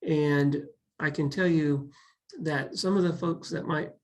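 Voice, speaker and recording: A man hosting a college webinar who talks in a reflective way, with many pauses and restarts. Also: a little high, steady tone, rough recording. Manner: reflective, speaks in halting restarts. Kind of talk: casual webinar talk.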